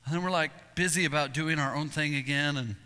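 A man delivers a sermon and tells hunting stories in a very bright, slightly high voice. He is animated and acts out calls and voices as he goes. His words ring with the long reverb of a hall. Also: a little fast, clean tone. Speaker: preacher.

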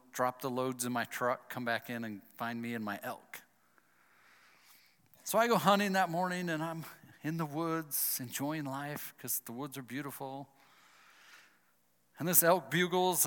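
A man with a medium-pitched, clean-toned voice tells a personal story that carries a moral. He's animated, acting out his own inner thoughts as he goes, and the recording has a long hall reverb.

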